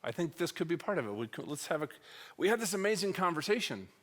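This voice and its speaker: Speaking quickly in a slightly high voice, a middle-aged man recounts a personal story at a church. He performs the dialogue in it energetically, his volume rising and falling dramatically.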